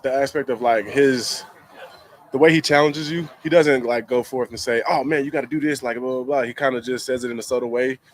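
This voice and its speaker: Fast-talking male football player interview clip. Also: medium pitch, steady tone. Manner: quick, rambling, filler-heavy. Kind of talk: casual interview answer.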